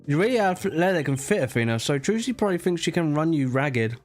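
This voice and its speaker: An earnest young male defense lawyer, read out by a man in near his own voice. The delivery is plain and steady. It is game dialogue read aloud. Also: fairly high pitch, quick pace.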